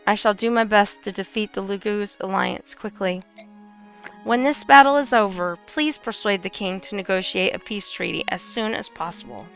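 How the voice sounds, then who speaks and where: A woman with a hoarse voice reading out the lines of an earnest young woman general who pleads for peace. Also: medium pitch, moderate pace, fairly bright tone, soft background music, close to an everyday voice. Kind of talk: reading game dialogue aloud.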